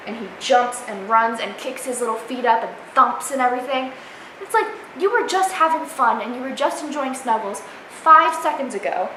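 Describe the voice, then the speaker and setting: Young woman, casual pet vlog, higher voice, echoey room with faint hiss. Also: fairly bright tone. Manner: chatty, gushing baby talk to her pet. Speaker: vlogger.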